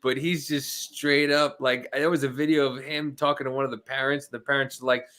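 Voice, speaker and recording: A man's voice: medium pitch, brisk, hardly any pauses. A man co-hosting a casual podcast, telling stories and acting out quotes in other people's voices. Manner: animated storyteller, puts on voices when quoting others. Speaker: podcast co-host. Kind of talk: casual chat.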